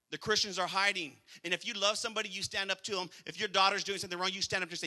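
A male pastor with a high, very bright, piercing voice races through an emphatic sermon with hardly any pauses, his intonation fairly even. In a large hall he repeats phrases and calls out to his church congregation.

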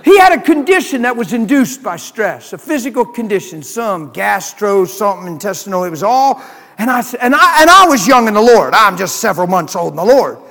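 A man preaches in a folksy, storytelling way. His voice sits high for a man, and his retellings swing from quiet asides to loud, excited bursts. The sound rings with long reverb, as if from a large hall. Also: brisk, gravelly. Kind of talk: storytelling sermon.

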